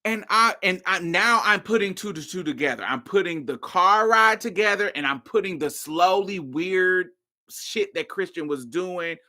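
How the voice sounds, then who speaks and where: A woman's voice: fairly low pitch, expressive, moderate pace, bright, forceful tone. A woman hosting her podcast, telling a personal story in a casual, blunt and profane way that flares into heated outbursts. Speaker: podcast host.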